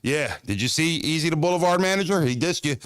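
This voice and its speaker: This is a man doing a breezy suburban girlfriend who chirps her words high and innocent, naive about everything around her. The sound is dry and close, with no room to it. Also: lively intonation, quick pace, a bit bright, smooth, dry recording. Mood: chirpy.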